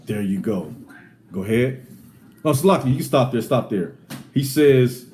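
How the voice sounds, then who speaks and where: A man teaching from the Bible in a casual, streetwise way, his voice mellow and relaxed in tone. He hammers points home by repeating them, calling listeners "man," and swings between loud sarcastic outbursts and quiet asides. A faint hum of room noise sits behind him. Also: medium pitch. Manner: emphatic, repetitive, says "man" often.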